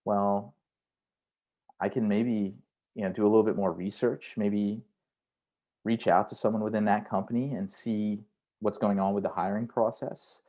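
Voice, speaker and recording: Lowish-voiced male career coach. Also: steady tone, moderate pace, long pauses, dark tone, muffled recording. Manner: conversational, frequent "right?" tags; acts out inner voices in quotes. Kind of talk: online workshop talk.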